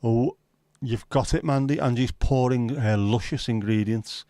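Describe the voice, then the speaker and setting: A middle-aged man chats on his home livestream, reading out viewers' comments with loose, sweary banter. His voice sits at an ordinary pitch and sounds dry and close, with little room echo. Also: a little slow, warm tone. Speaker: livestream host. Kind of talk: casual livestream chat. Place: at home, window nearby.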